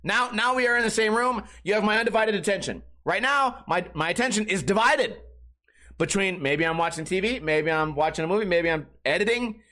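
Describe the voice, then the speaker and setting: A young podcast host delivers a casual comedic monologue, rambling through stories and swearing freely. His high voice sounds bright and sharp, with lively intonation and a slightly fast pace, and he shouts when acting out his own panic.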